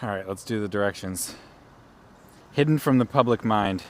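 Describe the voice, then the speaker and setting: A man's voice: fairly low pitch, moderate pace, a little mellow, slight background noise. A man live-streaming outdoors while cycling through city streets, chatting casually with his viewers.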